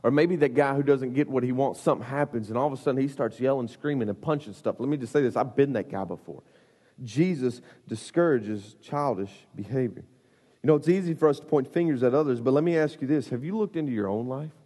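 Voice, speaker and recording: Husky preacher in a big hall. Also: male voice, mid-range voice, fast. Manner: animated, comic storytelling with lots of fillers. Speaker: youth pastor. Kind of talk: storytelling sermon. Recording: long hall reverb.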